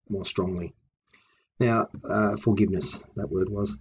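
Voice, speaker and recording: A man's voice: fairly low pitch, fast, a little mellow, husky. A man teaching a language lesson, patiently repeating each example word several times as he explains.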